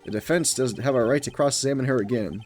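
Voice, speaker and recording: A man's voice: medium pitch, quick pace, darkish tone, lightly acted. A man voicing a timid older judge who speaks in a formal, hesitant way.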